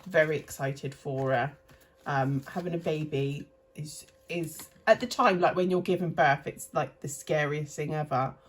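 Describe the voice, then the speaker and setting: Speaking in a deep, unhurried, slightly rough voice, this thirtysomething woman vlogs about cash stuffing. She rambles chattily and keeps correcting herself while filling budget envelopes with cash.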